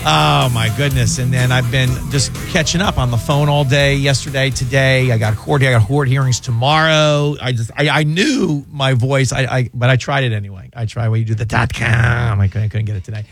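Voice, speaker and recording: A man hosting a talk radio call-in show as a criminal lawyer, hoarse from losing his voice, chatty and fond of quick jokes. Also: medium pitch, fairly even intonation, faint music behind. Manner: chatty and jokey, with quick asides. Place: radio studio. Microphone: studio microphone.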